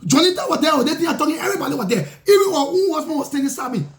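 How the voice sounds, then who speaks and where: A man's voice: very high voice, big pitch swings, very fast. A self-styled prophet, a man, telling his grievances in an indignant, repetitive monologue with broken grammar. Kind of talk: impassioned spoken monologue.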